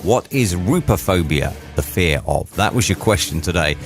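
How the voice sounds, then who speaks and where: A man hosts a drivetime radio show with a deep, low voice. He chats casually and tosses in jokey asides between items. Faint music plays underneath. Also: lively intonation, moderate pace.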